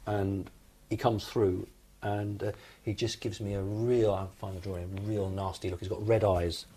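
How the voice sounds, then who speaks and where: UK-born man, low and husky, explaining in a plain matter-of-fact way. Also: flat delivery, normal speed, warm tone. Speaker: interview guest. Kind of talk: recounting personal experiences.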